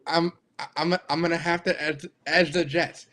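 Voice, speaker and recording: A man's voice: on the high side, flat delivery, moderate pace, bright, forceful tone. A man co-hosting a casual sports podcast, teasing his partner and stammering through his points. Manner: laughing, teasing, stammering restarts. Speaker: podcast co-host.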